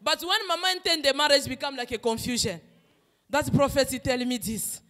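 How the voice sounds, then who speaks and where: High-voiced prophetess in a reverberant hall. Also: female voice, a little fast. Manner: impassioned and emphatic, swinging between loud declarations and soft asides. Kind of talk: prophetic ministry, delivering personal prophecy. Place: church hall.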